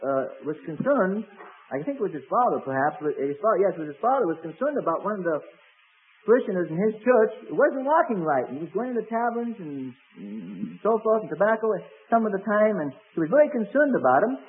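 A man's voice: high-pitched, very animated, a little fast, narrow, tinny audio. A man preaching a sermon as pastor, telling stories with many fillers and acted quotes.

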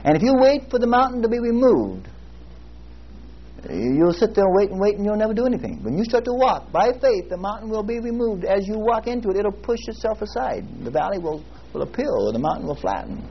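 A male pastor preaching a sermon in a folksy storytelling way, slowing down to stress scripture word by word. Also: high-pitched, big pitch swings. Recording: muffled lo-fi recording with faint hiss.

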